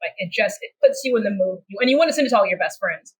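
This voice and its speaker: On a rough recording, a woman with a Texan accent speaks very fast in an expressive mid-range voice. Hosting her podcast, she goes from a scripted welcome to lively, chatty talk, often trailing off and starting over.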